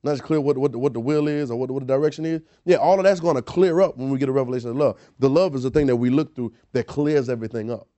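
A man preaches fast and emphatically, repeating himself, posing rhetorical questions, and frequently restarting his words. His mid-range voice is warm, with few pauses.

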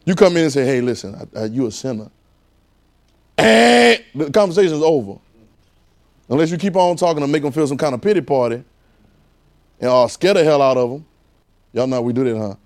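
A man preaching a conversational sermon, animated and repetitive, firing rhetorical questions at his congregation. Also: a little high, brisk, creaky, long pauses.

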